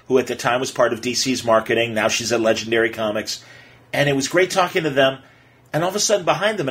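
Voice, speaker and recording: A man hosting a podcast, telling stories in a casual, animated way with lots of fillers. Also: mid-range voice, husky. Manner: animated, excitable storyteller with many fillers. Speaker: podcast host.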